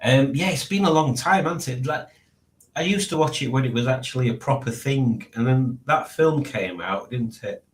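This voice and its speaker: In a reverberant room at home, a livestream host with a medium-pitched voice talks at normal speed, rambling casually as he reads out the chat.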